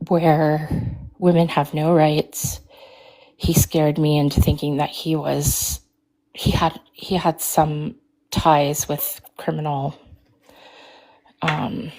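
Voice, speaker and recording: A woman speaks over a video call in a low, flat voice with a gravelly edge. She talks haltingly, with many restarts and fillers. She sounds close to tears as she tries to hold herself together. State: tearful, fighting emotion. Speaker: caller sharing her story. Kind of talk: emotional personal account on a livestream.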